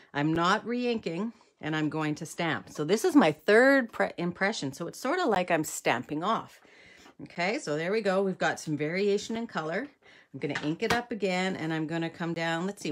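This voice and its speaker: Chatty woman demonstrating card stamping. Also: on the low side. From Canada. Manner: chatty, thinks aloud, self-correcting. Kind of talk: live crafting demonstration.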